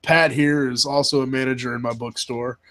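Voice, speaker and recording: A man with a North Carolina Southern accent hosting a casual live reaction chat, excitable and laughing often, tripping over his words. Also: medium pitch, normal speed, rough recording. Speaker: host.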